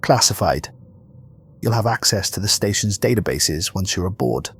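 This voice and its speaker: A man's voice: lowish voice, moderate pace, a little hiss or hum, natural voice. A man voicing a guarded male fleet commander who briefs his squad in a clipped, authoritative way. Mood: stern.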